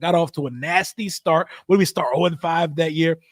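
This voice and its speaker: A fired-up man hosts a football watch-party stream and talks loose, profane and animated, laughing often. His voice sits high for a man, and the sound is dry and close with no room around it. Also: fairly quick, dry recording. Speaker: livestream host. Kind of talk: casual sports watch-party commentary.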